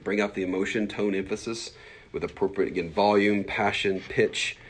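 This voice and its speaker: Low-voiced fast-talking man in his forties. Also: slight background noise. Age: 40s. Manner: fast-talking, animated, lots of fillers and acted-out asides. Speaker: pastor teaching a Bible class. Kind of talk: casual classroom teaching.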